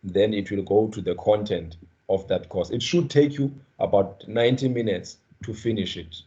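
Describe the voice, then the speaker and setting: A man with a South African accent walks students through an online course, often repeating himself and asking whether they are following. His voice sits low and warm, with a relaxed tone. The sound is dull and lo-fi, as on a video call. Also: normal speed. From Eastern Cape, South Africa. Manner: repeats words, checks in with students. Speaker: guest trainer. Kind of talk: online class instruction.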